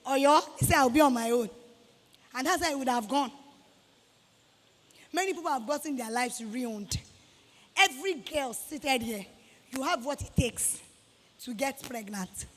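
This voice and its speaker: In a big hall whose long reverb tail trails her words, a Nigerian-accented woman speaks to students unhurriedly, pausing often. Her high, bright voice carries a lively, scolding motivational talk, and she acts out the people she quotes.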